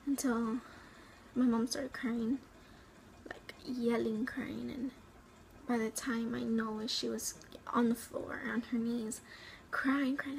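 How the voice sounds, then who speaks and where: A woman from the Rio Grande Valley in Texas, telling a personal story at home in a halting, rambling way, full of ums and likes, sometimes dropping to a near whisper. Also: a little high, fairly even intonation, creaky, slight background noise, rough recording. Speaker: vlogger.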